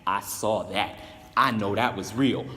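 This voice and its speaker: A man doing a hushed, awed young man. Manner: low, slow and hushed. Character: eager young man, awed and quietly amazed. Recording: long reverb.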